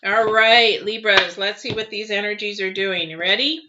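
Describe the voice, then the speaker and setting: A woman's voice: mid-range voice, normal speed. A woman reading tarot cards live for viewers, chatty and rambling, with many ums and restarts. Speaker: tarot reader. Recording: dull lo-fi with clear background noise.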